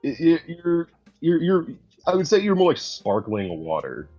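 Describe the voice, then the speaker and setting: A man's voice: a little high, wildly swooping pitch, normal speed, mellow. A man in casual chat on a commentary stream who often stops, restarts and searches for his words. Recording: dull lo-fi sound with faint music.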